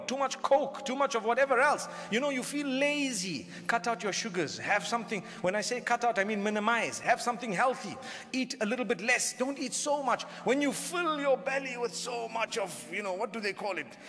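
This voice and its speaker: A man's voice: very high voice, lively intonation, moderate pace, fairly bright tone, soft background music. A man giving an Islamic sermon, humorous and conversational, full of rhetorical questions. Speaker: Islamic preacher. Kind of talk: lecture sermon. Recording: long hall reverb.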